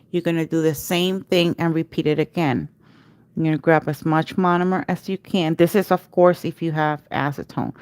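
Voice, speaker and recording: The recording is clean and echo-free, carrying a woman's low voice as she teaches nail art live on a tutorial stream. Patiently, she walks through each step and keeps chanting the same cue words while working.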